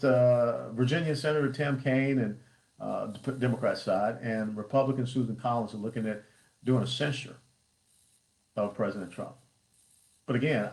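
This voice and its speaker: Man, political livestream commentary, emphatic, mid-pitched voice, roomy echo. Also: darkish tone. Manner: emphatic, punchy lists and rhetorical questions. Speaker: party chairman.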